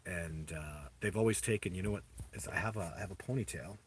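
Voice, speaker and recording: A man hosting a casual livestream, answering viewer questions in a rambling, halting way with many restarts. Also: sits low, slight background noise. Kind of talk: casual live chat.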